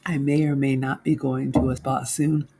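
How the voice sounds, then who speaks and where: A woman with a low voice talks casually from her home kitchen, reviewing a baking class for her viewers. She is chatty and folksy and keeps calling her audience "class" and "y'all.". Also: little pitch movement, moderate pace, vocal fry, mellow, a little hiss or hum. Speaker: home cook vlogger.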